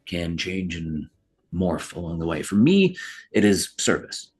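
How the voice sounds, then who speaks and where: A man's voice: low voice, expressive, normal speed, husky, soft background music. A man from Chicago, a guest actor giving thoughtful, hesitant interview answers. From Chicago, USA. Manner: thoughtful, searching, frequent hesitations.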